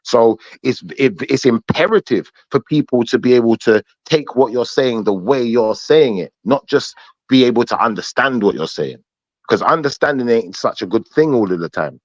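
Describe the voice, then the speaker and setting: A man's voice: medium pitch, lively intonation, moderate pace, dry recording, muffled recording. Argumentative man hosting a live panel. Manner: argumentative, insistent, cuts in. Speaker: podcast panel host. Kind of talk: heated live panel debate.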